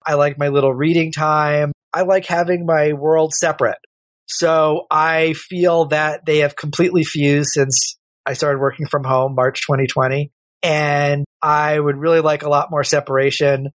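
A man's voice: fairly high pitch, level tone, moderate pace, no room sound. A middle-aged man talking as a podcast guest in a casual, candid, rambling way, often correcting himself. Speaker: podcast guest, working father. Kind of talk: casual conversational interview.

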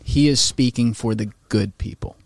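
In a relaxed podcast chat, a man speaks with strong opinions and lively energy, cursing here and there. His mid-pitched voice moves at a normal pace, recorded close and dry without any room echo.

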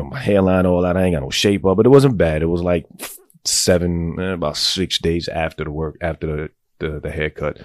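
Very deep-voiced New man rambling. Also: a little mellow, no room sound, clean studio sound. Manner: rambling, streetwise, goes on tangents. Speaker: storyteller. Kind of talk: casual profane storytelling.

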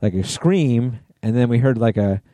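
A man co-hosting a podcast, telling long, meandering anecdotes in casual chat. His voice is warm and dark, recorded close with no room sound. He fills his talk with "you know" and easy profanity. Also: mid-range voice, animated, moderate pace, no room sound. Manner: rambling storyteller, lots of you-knows, swearing. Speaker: podcast co-host.

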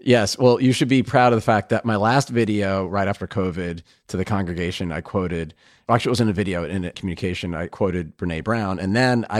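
A man's voice: deep voice, no echo, studio quality. A man hosting a casual conversation who talks in an earnest, emphatic way, often rambling and restarting his sentences.

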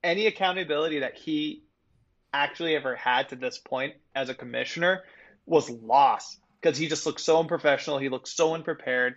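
A man co-hosting a casual sports chat, talking in an animated way and swearing freely. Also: on the high side, fairly quick, muffled recording. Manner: animated, swears freely, laughs between points. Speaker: podcast co-host.

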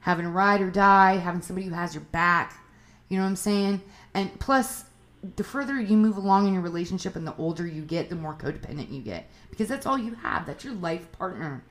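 A woman's voice: lowish voice, animated, a little fast. A woman with a Southern US accent giving relationship advice in a blunt, profane, emphatic casual monologue. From Southern United States.

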